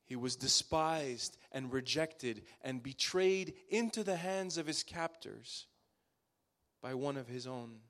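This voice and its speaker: A man preaching a sermon to his church, building phrases up and letting them fall away to a hush. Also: mid-range voice, animated, takes it slowly. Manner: dramatic, swelling then dropping to hushed phrase endings.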